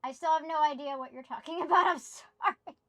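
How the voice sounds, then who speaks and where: A woman's voice: high voice, brisk. A woman streaming a video game, chatting casually with herself and her chat in a playful, teasing way. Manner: playful, talks to herself and reads chat aloud.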